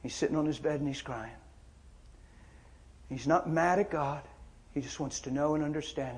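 A man preaching an impassioned sermon, firing rhetorical questions, repeating phrases, and swinging from shouting to near whispers. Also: fairly high pitch, moderate pace, long pauses.

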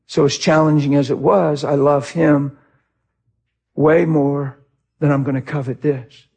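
Gravelly high-voiced man preaching passionately. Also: steady tone, a little slow. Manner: passionate, swings from shouting to quiet. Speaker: pastor. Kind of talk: sermon.

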